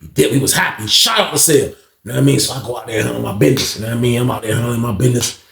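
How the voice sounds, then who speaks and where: A man's voice: mid-range voice, rapid-fire, creaky, fairly bright tone, slight background noise. A man telling a story in a casual, slangy, rambling way, speaking straight to his listeners. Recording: echoey room.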